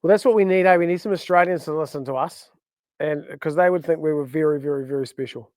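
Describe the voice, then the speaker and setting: A man co-hosts a casual podcast in a high-pitched voice, joking and rambling as he exaggerates for laughs. His voice is recorded dry and close in a small studio. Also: fast talker, darkish tone, no echo. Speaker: podcast co-host. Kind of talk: casual banter. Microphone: studio microphone.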